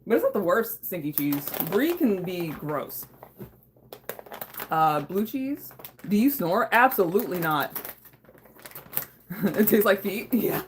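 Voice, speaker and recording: A woman's voice: medium pitch, very animated, slow pace, pauses often, a little hiss or hum. A woman hosting a casual livestream from her home kitchen, reading viewer comments, chatting loosely with lots of fillers and swearing. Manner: casual and profane, laughing, chatty with frequent fillers. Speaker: livestream host.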